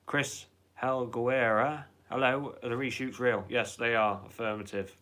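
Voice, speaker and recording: Man, live stream host, low voice, bright tone, rambling, casual, swears. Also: steady tone, normal speed, clean tone. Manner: rambling, chatty, swears freely.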